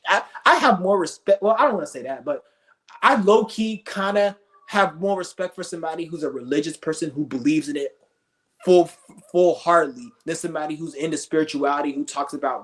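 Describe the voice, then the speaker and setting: A male streamer talks fast in a high-pitched voice. His rambling commentary is a scornful rant laced with profanity.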